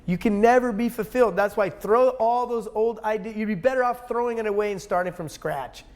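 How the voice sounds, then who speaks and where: A man's voice: high voice, fairly quick, a little mellow. A man talking as an interview guest, blunt and emphatic, swearing freely and rambling with many restarts. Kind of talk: casual conversational interview.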